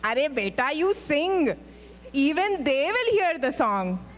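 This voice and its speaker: A man's voice: extremely high pitch, sing-song, takes it slowly, a bit bright, a little hiss or hum, heavily acted. A student actor playing a fussy, worried Indian mother on the phone, with an Indian English accent, nagging and exclaiming. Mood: fussing. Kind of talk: student stage skit.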